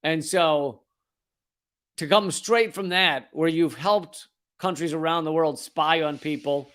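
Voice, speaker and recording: A man's voice: a little high, slow pace, a bit bright. A man hosting a comedic news monologue, profane and sarcastic, rambling with frequent restarts. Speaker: comedy show host.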